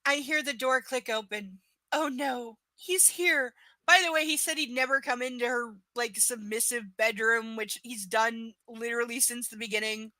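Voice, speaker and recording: Performing a live reading of a novel, this woman has a slightly high, sharp voice at normal speed in a dry recording. Her reading is punctuated by ranting commentary full of sarcasm, profanity, and exasperation.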